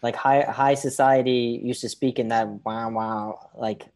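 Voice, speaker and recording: A man's voice: medium pitch, fairly even intonation, unhurried, darkish tone. A man co-hosting a podcast, talking casually and joking in a laid-back way. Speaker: podcast co-host. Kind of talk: casual chat.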